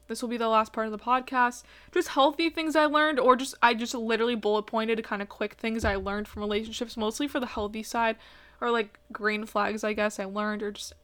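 A woman's voice: on the high side, sharp tone. A young woman hosting her own podcast, talking about relationships in a rambling, emotional way with lots of fillers and swearing, tearful at times. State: tearful, crying. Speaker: podcast host. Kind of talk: casual personal podcast monologue.

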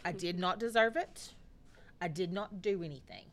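A woman, co-hosting a podcast and telling a story slowly and deliberately, repeating points for emphasis. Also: fairly low pitch. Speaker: podcast co-host. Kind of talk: casual storytelling chat.

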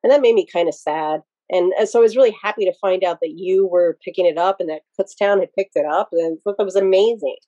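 Mellow-voiced woman telling rambling stories. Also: lowish voice, fast talker, few pauses, no echo, dull audio. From Pennsylvania, USA. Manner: rambling, digressive, many restarts. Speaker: podcast guest. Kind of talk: casual interview storytelling.

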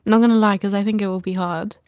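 A woman's voice: mid-range voice, steady tone, quick pace, a little mellow, smooth, no room sound, clean studio sound. A woman co-hosting a podcast in casual chat, chatty and laughing often. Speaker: podcast co-host.

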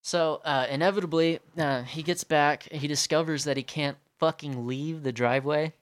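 A man's voice: on the high side, moderate pace, smooth, no echo, studio quality. A young man telling a story in a casual, profane rant full of fillers. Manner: profane, animated, many fillers.

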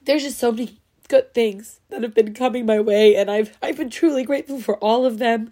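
A young woman hosts her solo podcast while crying happy tears, her voice sitting a little high. She gushes thanks in rambling, heartfelt runs full of fillers and restarts. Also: mellow. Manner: tearful, gushing, full of fillers. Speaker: podcast host. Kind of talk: emotional solo podcast talk.

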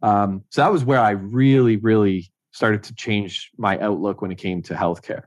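A man's voice: fairly low pitch, steady tone, moderate pace, dry recording. A man, a guest telling personal stories in a casual way, often acting out what others said. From Ontario, Canada. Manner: conversational, acts out others' lines, frequent "like". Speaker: interview guest.

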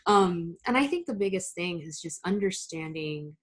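A woman's voice: fairly low pitch, moderate pace. Young woman co-hosting a casual podcast. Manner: relaxed, many fillers and soft laughs. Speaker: podcast co-host.

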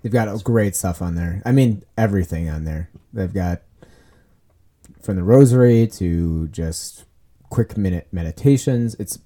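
A man's voice: low voice, warm tone. A man co-hosting a casual podcast, playful and jokey. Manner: playful, jokey, quick to laugh. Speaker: podcast co-host. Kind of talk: casual chat.

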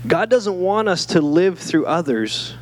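Slightly high-voiced preaching pastor. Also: male voice, very animated, unhurried. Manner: conversational preaching with many rhetorical "right?" checks. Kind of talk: sermon. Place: church.

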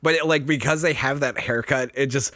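Podcast guy rambling n laughing a lot, bright voice, swears casually, dry close sound. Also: mid-range voice, fairly even intonation, brisk, no echo. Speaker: podcast co-host.

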